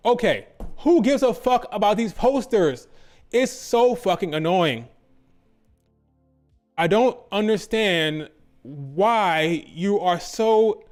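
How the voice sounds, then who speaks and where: A man hosting a wrestling commentary channel, ranting in an exasperated, profane, repetitive way. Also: sits high.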